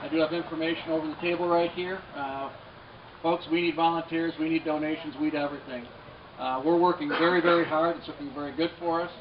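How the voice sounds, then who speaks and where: A man's voice: a little high, steady tone, quick pace. Plain-spoken man at an outdoor rally. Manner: earnest, plain-spoken, many fillers. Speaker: state senate candidate. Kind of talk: outdoor campaign rally speech. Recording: distant, dull lo-fi outdoor recording with noise.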